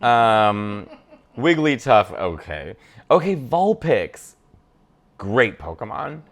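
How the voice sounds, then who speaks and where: A man talking in a casual, animated way, his pitch swinging widely as he goes. He sounds chatty and expressive, with sudden jumps into squeaky character voices. His voice sits at a middling height. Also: slow. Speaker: comedian ranking Pokémon. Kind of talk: casual chat.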